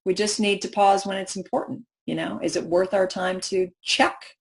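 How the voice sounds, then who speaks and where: A woman presenting a professional development workshop, animated and asking the audience many questions. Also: mid-range voice, normal speed, vocal fry.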